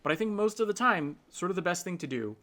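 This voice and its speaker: Fast and lively, this man's high, fairly bright voice carries a casual explanatory talk that he hosts. Thinking aloud, he restarts and uses fillers, and he repeatedly checks in with his listener using tag questions.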